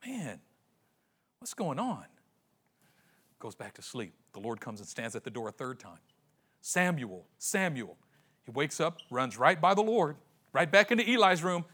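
A man preaching a sermon, retelling a story with slangy acted-out voices and dramatic pauses. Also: fairly high pitch, sharp tone. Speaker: pastor.

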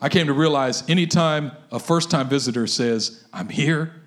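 A man preaching a sermon, animated and telling vivid stories to his congregation. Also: mid-range voice, moderate pace. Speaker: pastor.

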